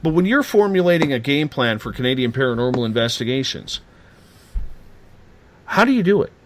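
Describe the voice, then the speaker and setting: A man hosting a late-night radio talk show, animated and teasing as he rants. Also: medium pitch, fairly quick, slight background noise.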